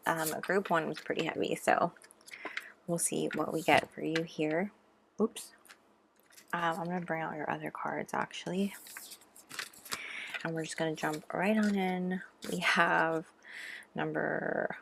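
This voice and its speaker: A woman giving a pick-a-card tarot reading, gentle and musing, with frequent ums and soft asides. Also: fairly low pitch, creaky, slight background noise.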